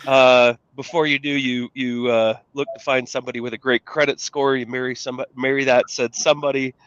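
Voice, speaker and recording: A man's voice: medium pitch, level tone, fairly quick, a bit bright, smooth, dry recording, highs cut off. A middle-aged man co-hosting a podcast, joking and rambling with plenty of fillers and restarts. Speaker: podcast co-host. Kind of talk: casual podcast conversation.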